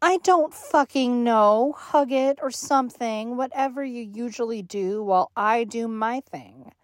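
A woman voicing a cruel, contemptuous, domineering young woman in an audio role-play, with heavy sighs and hushed asides. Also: fairly high pitch, a little slow, dry recording, studio quality, natural voice. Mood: scornful.

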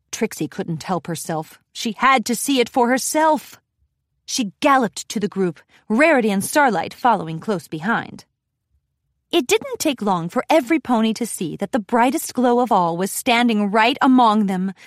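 A woman reads a storybook aloud with expressive, lively delivery. Her voice sits a little high and moves animatedly through its pitch range, recorded close and dry with no room sound. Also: no echo. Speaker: storybook narrator. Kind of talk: scripted storybook narration.

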